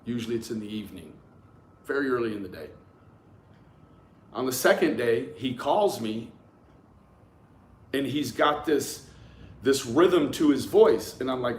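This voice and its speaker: A man telling a personal story to his viewers in a casual, profane, animated way, often restarting his sentences. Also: medium pitch. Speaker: YouTube commentator.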